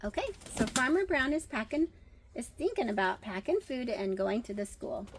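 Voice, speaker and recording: A woman's voice: fairly high pitch, expressive, slight background noise. Older woman reading a storybook aloud. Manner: chatty, pausing to comment and wonder aloud. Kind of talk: children's picture-book read-aloud.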